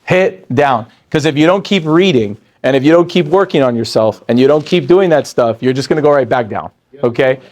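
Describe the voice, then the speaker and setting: A man in his forties giving an energetic motivational sales training talk, jumping up in pitch when excited and dropping low to quote others. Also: a little fast.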